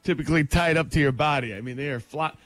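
A man hosting a morning radio sports segment, excitable and joking, reading short sports stories. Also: fairly high pitch, fast talker, no room sound. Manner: excitable, animated, reads sports news. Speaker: morning show sports host. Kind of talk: casual radio banter.

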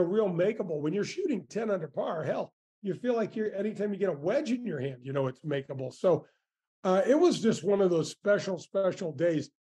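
A man in his sixties, a former pro golfer, telling stories in an interview, animated, with many restarts and asides. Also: a little high, slightly rough. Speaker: former tour golfer, guest. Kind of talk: storytelling interview answers.

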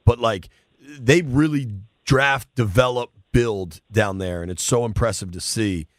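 Halting, thoughtful male sports talk host. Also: medium pitch, dry recording, clean studio sound. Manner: thoughtful, questioning, halting restarts.

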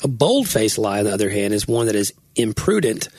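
A man in his thirties chats on a podcast in a slightly husky voice, recorded close and dry. He is chatty, laughs easily and leaves sentences hanging. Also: lowish voice, big pitch swings, a little fast, a little mellow, dry recording. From Southern United States. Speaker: podcast co-host. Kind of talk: casual chat.

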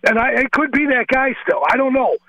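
A man's voice: very high voice, fairly even intonation, brisk, bright, forceful tone, poor audio. A man calling into a radio show, telling a hesitant, rambling story with many fillers. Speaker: caller. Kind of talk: phone-in call.

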